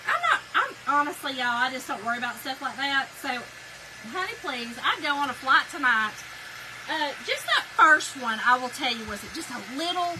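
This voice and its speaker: A woman's voice: high voice, background noise. A woman hosting a crafting livestream, chatting folksily and calling her viewers y'all. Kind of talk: casual chat while crafting on a livestream.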